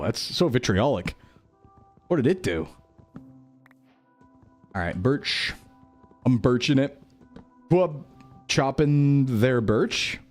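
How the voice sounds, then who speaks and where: A man's voice: mid-range voice, darkish tone. A young man rambling through casual gameplay commentary, jokey and self-mocking. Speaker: streamer.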